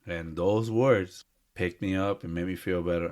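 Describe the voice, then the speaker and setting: Guy with a really low voice on a podcast, earnest and rambly, lots of you know and uh. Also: steady tone, moderate pace, darkish tone. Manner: earnest, heartfelt, rambling with fillers. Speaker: podcast co-host. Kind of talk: casual chat.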